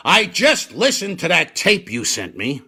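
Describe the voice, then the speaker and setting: A man imitating an aging male comedy star who is indignant and scolding on the phone, speaking slowly and with emphasis. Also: on the high side, huge pitch swings, vocal fry, sharp tone, husky, voice pushed up, full character voice.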